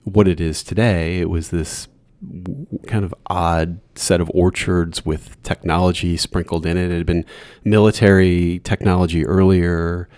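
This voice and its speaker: A man's voice: low-pitched, steady tone, measured pace, a little mellow, no room sound. A middle-aged man hosting a podcast, chatting and musing casually as he sets up questions. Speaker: podcast host. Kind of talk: conversational interview.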